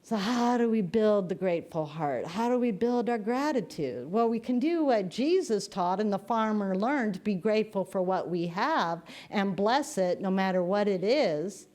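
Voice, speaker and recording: A woman's voice: medium pitch, lively intonation, moderate pace, hardly any pauses, darkish tone. A woman minister giving a sermon in a conversational, storytelling manner.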